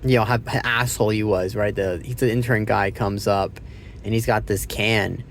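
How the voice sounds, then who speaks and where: A man giving a casual spoken movie review who rambles, swears freely and loses his train of thought. He gets loud and excited when he retells scenes. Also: on the low side, normal speed, slight background noise.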